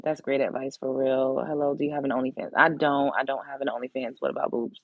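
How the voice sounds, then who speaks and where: Blunt chatty low-voiced woman streamer. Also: flat delivery, fast, few pauses, no echo, highs cut off. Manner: blunt, chatty, swears freely. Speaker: livestream host. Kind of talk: casual live-stream chat reading comments.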